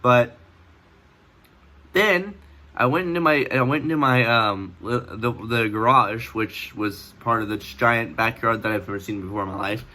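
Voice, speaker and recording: A teenage boy tells a story casually at home with a bright, sharp voice. He rambles, restarts his sentences, leans on fillers and laughs now and then. His pitch sits at an ordinary middle height for a young man. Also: fairly even intonation, normal speed. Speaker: vlogger.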